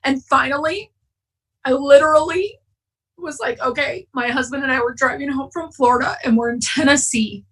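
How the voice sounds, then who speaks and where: A Wisconsin woman gives a personal recovery share from home at an online conference, speaking candidly and emotionally and choking up at times. Her voice sits high with fairly even intonation, a moderate pace, and a slightly bright, husky quality, caught on a distant mic with poor audio.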